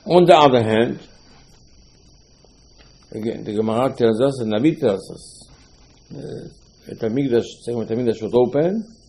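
An older male rabbi delivers a Torah lecture in a husky, warm, medium-pitched voice. He tells stories with emphatic repetition and acts out the quotes, and the recording is rough.

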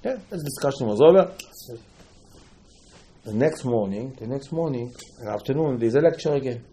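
A man gives a storytelling Torah class in a warm, mellow voice. He keeps repeating key phrases for emphasis and slips Hebrew terms into his English. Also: mid-range voice, lively intonation, normal speed, slight background noise. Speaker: rabbi teaching Talmud.

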